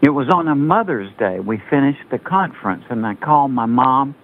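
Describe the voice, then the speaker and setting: Older man, halting, over a phone line. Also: medium pitch, animated. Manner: halting, repeats words while thinking aloud. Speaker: guest author. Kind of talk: casual interview talk. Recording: tinny phone line with faint noise.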